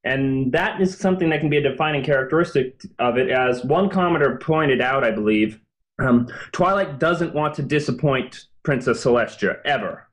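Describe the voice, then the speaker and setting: A man's voice: mid-range voice, expressive, moderate pace. A man, a guest author in a casual podcast interview, explaining his reasoning in an earnest, think-aloud way.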